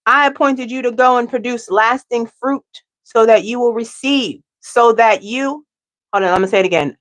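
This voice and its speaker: A woman's voice: fairly high pitch, normal speed. Woman, tarot reader, casual, chatty, repeats herself. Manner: chatty, tags lines with "okay?", repeats herself. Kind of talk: casual tarot reading to viewers.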